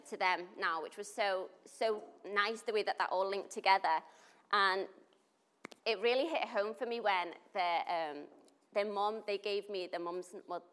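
A woman's voice: medium pitch, fairly bright tone, smooth. A woman, a volunteer helping refugees, telling a story in casual talk full of 'like' and 'you know'.

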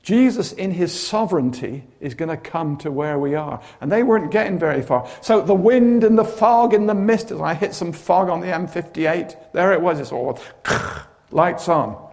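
A man's voice: on the high side, moderate pace, gravelly. A man preaching a sermon, telling stories with dramatic flair and humorous asides. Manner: animated storytelling with humorous asides.

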